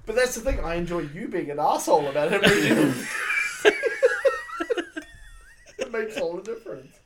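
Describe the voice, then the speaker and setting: A man's voice: sits high, animated, moderate pace, a loud crowd. A man co-hosting a casual chat show, teasing his friends and laughing often. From Southern Hemisphere, mistaken for South African. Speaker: podcast co-host.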